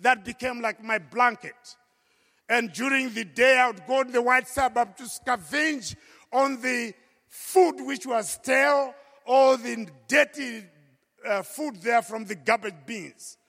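Man with a really high gravelly voice giving a testimony, booming reverb from a big hall. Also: unhurried. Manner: emphatic storytelling, at times shouting. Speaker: speaker giving a personal testimony. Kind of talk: testimony speech to an audience. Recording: long reverb of a large hall.

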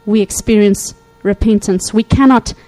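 A woman preaching a sermon to her congregation, animated, acting out Bible quotes and checking in often with her listeners. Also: mid-range voice, moderate pace, poor audio. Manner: animated, acts out quotes, frequent "okay?" check-ins.

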